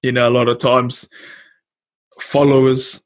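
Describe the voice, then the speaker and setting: A man's voice: medium pitch, little pitch movement. A man with a New Zealand accent hosting a casual chat, laid-back and full of slang. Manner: laid-back slang-heavy banter, quick to laugh. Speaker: podcast host.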